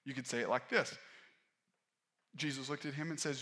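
A male pastor preaching a sermon in a candid, conversational way, rising to stress points and dropping low and quiet for personal asides. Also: steady tone, moderate pace, long pauses. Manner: candid, conversational preaching that rises and falls in force.

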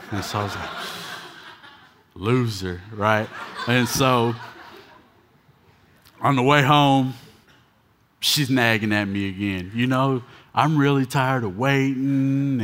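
A man's voice: fairly low pitch, fairly bright tone. A man tells a personal testimony to an audience in a casual, rambling, self-mocking way, with plenty of fillers. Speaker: speaker giving a personal testimony.

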